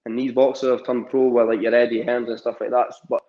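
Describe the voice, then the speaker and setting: A man's voice: mid-range voice, level tone, a little fast, dull audio. A young man with a Scottish accent, talking as a boxer guest in a casual interview, full of fillers and restarts. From Scotland. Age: young adult. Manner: rambling, many fillers and restarts.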